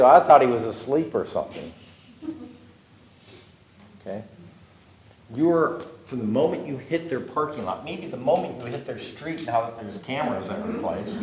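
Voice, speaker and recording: A man's voice: a little high, a little mellow. Man giving a talk in an echoey room. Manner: conversational, repetitive, lots of "okay?" check-ins. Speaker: workshop speaker on job interviews. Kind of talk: conference talk to a live audience. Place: meeting room with an audience.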